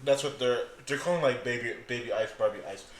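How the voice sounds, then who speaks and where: A man's voice: mid-range voice, fast talker. A young man hosting a casual podcast chat, loose and joking with plenty of swearing. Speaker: podcast host. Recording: roomy echo with faint noise.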